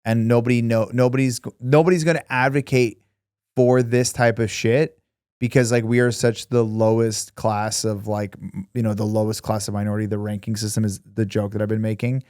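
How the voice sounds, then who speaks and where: A man's voice: lowish voice, flat delivery, fairly quick, darkish tone, clean tone, dry recording, studio quality. Laid-back male podcast co-host. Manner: laid-back, joking, swearing. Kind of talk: casual chat.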